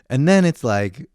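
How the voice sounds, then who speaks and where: A young man hosts a comedic monologue, ranting in an animated way, swearing heavily and laughing often. His voice is on the low side, recorded at studio quality with no room sound.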